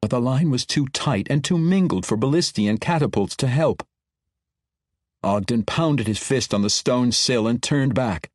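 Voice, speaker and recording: Expressive male audiobook narrator, dry studio. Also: mid-range voice, normal speed, no room sound. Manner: expressive, dramatic reading. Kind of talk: scripted narration.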